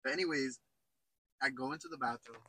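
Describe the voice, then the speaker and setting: A man's voice: medium pitch, fairly quick, noisy background. A young man co-hosting a casual podcast, losing his train of thought as he tells an embarrassing story. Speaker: podcast co-host. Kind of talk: casual chat.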